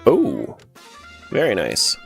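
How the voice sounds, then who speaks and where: Gravelly, lively man streaming a game. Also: fairly low pitch, slow pace, soft background music. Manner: joking, animated, talks back to chat. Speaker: streamer playing a randomizer. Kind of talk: casual live-stream chat.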